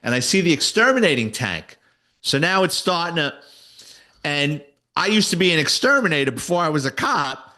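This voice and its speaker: A man, a retired detective and author, telling stories in a casual interview, animated and salty. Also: on the high side, normal speed. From New York City. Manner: animated storyteller, voices quoted people, swears casually.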